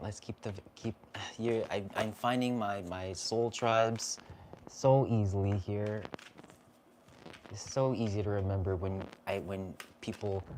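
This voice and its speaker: A card reader hosting a live stream, talking in a soft, gentle and heartfelt way about spirit and guidance. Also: low voice, background noise.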